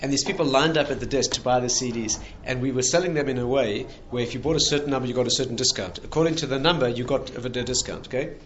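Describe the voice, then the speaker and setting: Male rabbi, chatty storyteller, mid-pitched voice, slightly dull lo-fi sound. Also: fast, hardly any pauses. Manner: animated anecdotes, laughing at punchlines. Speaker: rabbi and lecturer. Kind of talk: conversational storytelling talk.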